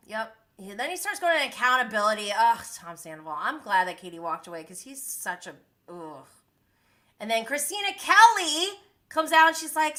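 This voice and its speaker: A woman in her thirties with a bright, sharp voice, ranting through a reality show recap on her live stream. She swings between disbelief and exasperation and slips into quick impressions of the cast as she goes. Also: a little high. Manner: animated, exasperated, mimics the cast. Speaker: reality TV commentator.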